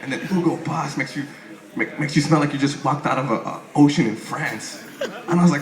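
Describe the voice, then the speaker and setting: A man's voice: on the high side, fairly quick. Young man, stand-up comedian, profane, stammering, echoey club, audience laughter behind. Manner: rambling, profane, stammers and restarts. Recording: echoey club with crowd noise.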